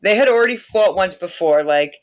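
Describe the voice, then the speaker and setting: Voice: medium pitch, animated, a little fast. Laughing, irreverent myth-telling host. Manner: laughs often, irreverent, swears. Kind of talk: casual myth retelling.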